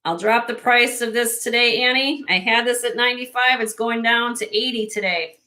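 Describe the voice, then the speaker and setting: A woman's voice: on the high side, moderate pace, pushed and bright. A woman hosting a live online jewelry sale, chatting in a salesy way and talking straight to buyers by name. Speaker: host selling jewelry on a live stream.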